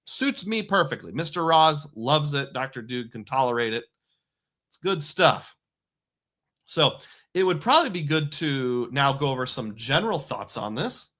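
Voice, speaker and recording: Man, middle-aged, live-stream host, casual chat, reads comments aloud, mid pitch. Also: sing-song, moderate pace, a bit bright. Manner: chatty, reads viewer comments aloud, loose fillers. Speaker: livestream host.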